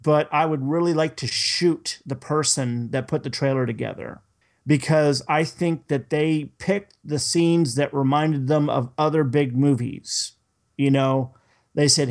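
A man's voice: fairly high pitch, fairly even intonation, normal speed. A man from Minnesota and the Boston area, co-hosting a podcast in casual, rambling chat with frequent restarts. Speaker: podcast co-host.

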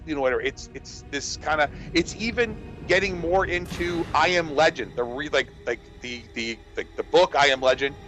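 A man's voice: a little high, moderate pace, hardly any pauses, a bit bright, faint music behind, rough recording. A man talking casually about horror films, rambling with many restarts. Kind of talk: casual movie discussion.

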